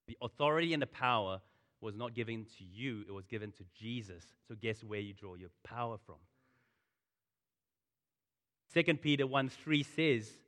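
A man's voice: mid-range voice, expressive, normal speed, a bit bright. A man preaching a sermon, impassioned and repeating phrases for emphasis. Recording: long reverb of a large hall.

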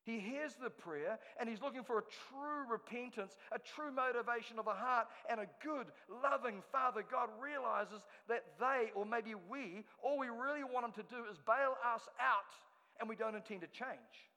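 A male pastor preaching a sermon in a church, lively, humorous and conversational. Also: very high voice, normal speed, in a large hall.

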